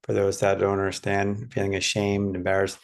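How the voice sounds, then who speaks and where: Gravelly low-voiced male host. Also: completely flat delivery, normal speed. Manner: reflective, explains emphatically. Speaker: physical therapist host. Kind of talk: interview.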